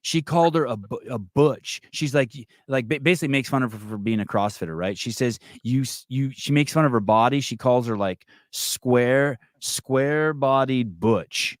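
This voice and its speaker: A man hosting a podcast, telling a story in casual chat, swearing often and getting animated. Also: mid-range voice, moderate pace, few pauses, no echo, studio quality. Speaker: podcast host.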